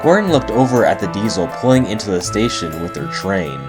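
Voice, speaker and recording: Animated man narrating a storybook. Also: on the low side, a little fast, few pauses, loud music behind the voice.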